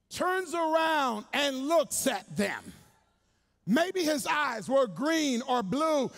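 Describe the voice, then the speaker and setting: A male pastor with a very high voice preaches a sermon in church, colloquial and call-and-response in style. He swings from hushed asides to shouting.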